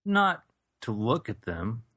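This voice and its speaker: A man playing a deadpan charity worker under questioning, giving short flat answers. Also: mid-range voice, takes it slowly, no room sound, studio quality, exaggerated voice. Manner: deadpan, terse yes-or-no answers. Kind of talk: improvised comedy role-play.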